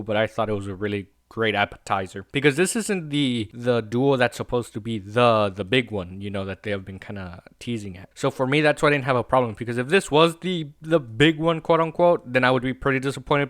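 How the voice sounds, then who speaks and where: A man's voice: medium pitch, no echo, clean studio sound. Casual, cursing man reviewing a show. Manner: loose and profane, full of fillers like "you know" and "like"; animated retelling of scenes. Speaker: show host reviewing TV episodes.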